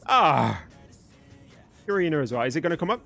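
A man's voice: fairly high pitch, lively intonation, very fast, soft background music. Chatty British young man streaming live. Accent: British English, mostly neutral. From Birmingham, England. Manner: chatty, thanks viewers and reads out chat. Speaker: streamer host. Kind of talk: casual live-stream chat.

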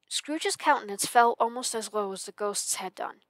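A woman reading a classic story aloud for a library, with calm, measured narration. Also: a little high, no room sound. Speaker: library reader.

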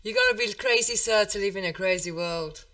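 Chatty English woman host with a Birmingham accent, giggly and animated, recorded a little off-mic. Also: mid-range voice, brisk, distant mic. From England. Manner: bubbly, laughs often. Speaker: podcast host. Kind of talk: casual interview chat.

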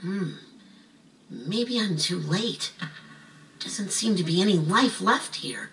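Casting: a bright, lively, inquisitive young boy hero, heard at a distance over music. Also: medium pitch, takes it slowly, slight background noise. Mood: curious. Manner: earnest, inquisitive, gently coaxing. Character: curious, earnest young psychic boy.

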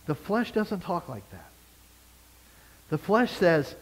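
High-voiced pastor preaching conversationally. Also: male voice, sing-song, slow, long pauses, rough recording. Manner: conversational, emphatic preaching with repeated phrases. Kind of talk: sermon. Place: church service.

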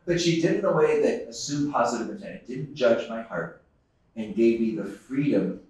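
A man with a mid-range, darkish, expressive voice speaks at a moderate pace to a live audience in a large conference hall. Earnestly telling a story, he laughs often and restarts his sentences, and the distant microphone picks up an echoey hall.

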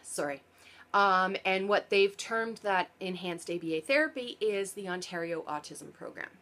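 A woman's voice: mid-range voice, normal speed, a bit bright. A parent and vlogger talking through a frustrating topic in a casual explainer vlog. She is earnest and sarcastic, and often stops to correct herself mid-sentence. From Canada.

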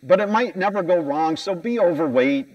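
A man's voice: high voice, animated, moderate pace, lo-fi sound. American guy giving a keynote, joking about himself, sounds a bit far from the mic in a hall. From United States. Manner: candid, self-mocking, conversational with audience questions. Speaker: conference speaker. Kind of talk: keynote talk. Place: conference hall stage.

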